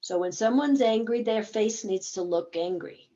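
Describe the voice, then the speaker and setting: A woman's voice: on the high side, normal speed, dark tone, highs cut off. A woman therapist explaining a game in a conversational teaching talk, acting out bits of dialogue as examples.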